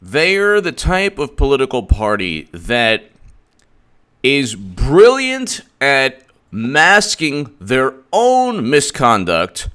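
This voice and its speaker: A man giving solo political commentary, animated, acting out little scenes and restarting mid-sentence. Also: mid-range voice, clear, resonant tone.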